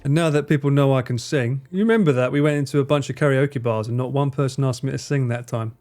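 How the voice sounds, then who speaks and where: A man's voice: medium pitch, quick pace, darkish tone, faint music behind. An English man chatting casually on a live stream while gaming, swearing freely and laughing often. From England.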